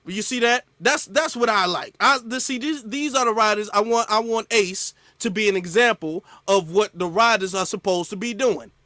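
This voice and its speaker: A man hosting a reaction commentary, animated and mocking. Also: sits high, moderate pace, hardly any pauses, no room sound. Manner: animated, mocking impressions of others. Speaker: commentary host.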